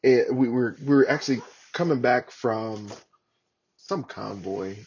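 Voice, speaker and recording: A man in his thirties, a former Marine guest on a podcast, telling war stories in a casual, profane, animated way and acting out the voices of the people in them. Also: medium pitch, a little slow, muffled recording, slight background noise. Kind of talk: casual storytelling.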